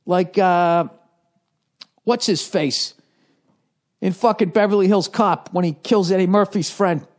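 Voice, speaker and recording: Profane, rambling comedian with a slightly high voice. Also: male voice, a little slow, pauses often. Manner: profane, animated storytelling with many restarts. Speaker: comedian hosting a podcast. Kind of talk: casual rambling monologue.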